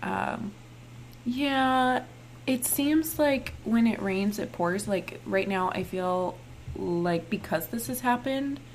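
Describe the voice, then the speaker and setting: A hoarse young woman, co-hosting a podcast, tells stories in animated, casual chat, laughing often and saying "like" a lot. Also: mid-range voice, takes it slowly, slight background noise. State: hoarse, strained voice. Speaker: podcast co-host.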